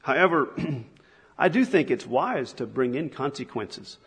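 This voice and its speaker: A man's voice: mid-range voice, expressive, unhurried, fairly bright tone. A middle-aged man preaching a sermon to fathers in an earnest, conversational way, often restarting his sentences. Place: church hall. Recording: husky voice in a long-reverb hall.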